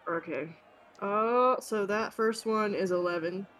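A woman's voice: mid-range voice, a little slow, fairly bright tone, a little hiss or hum, rough recording. A woman playing in a tabletop game, chatting casually as she rolls dice. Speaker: player. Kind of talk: tabletop role-play.

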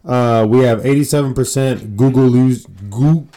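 A man's voice: medium pitch, fairly even intonation, moderate pace, dark tone. A man co-hosting a casual podcast, teasing and blunt. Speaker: podcast co-host.

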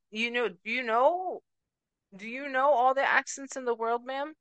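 A woman's voice: high voice, normal speed, fairly bright tone, no room sound, rough recording. A woman from Puerto Rico ranting emphatically to camera as a vlogger, dropping Spanish words into her talk. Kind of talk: emotional rant to camera.

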